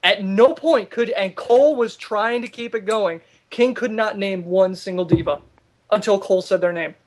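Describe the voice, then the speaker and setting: Podcast host, high male voice, animated and exasperated, quick to laugh. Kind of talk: casual chat.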